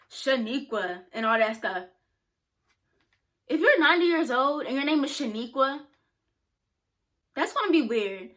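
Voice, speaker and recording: A woman's voice: sits high, animated, measured pace, pauses often, fairly bright tone. A young woman talking frankly and casually to camera, answering questions with plenty of filler words. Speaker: YouTuber.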